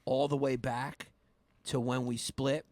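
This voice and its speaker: A man's voice: mid-range voice, level tone, slow pace, darkish tone, dry recording. A man co-hosting a comedy podcast, teasing and swearing freely in casual banter. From Brooklyn. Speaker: podcast co-host.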